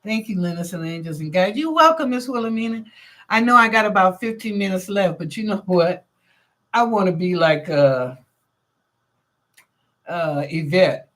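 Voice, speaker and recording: A woman hosting a live psychic reading show, talking with her viewers in a chatty, lively way full of casual street slang. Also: medium pitch, normal speed, long pauses. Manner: reads viewer questions aloud. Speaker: psychic reader and show host.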